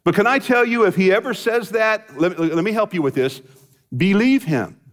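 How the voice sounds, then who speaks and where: An older male pastor delivers a sermon in a church sanctuary. His voice sits a bit high for a man, and he preaches in a folksy, joking storytelling manner. The sound carries a long reverb from the large hall. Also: lively intonation, fairly quick, fairly bright tone. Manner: folksy storytelling with jokes and asides.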